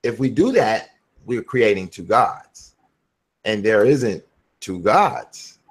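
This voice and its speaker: Slow, deliberate man explaining scripture. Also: on the low side, very animated, breathy edge. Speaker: host. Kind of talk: casual religious discussion.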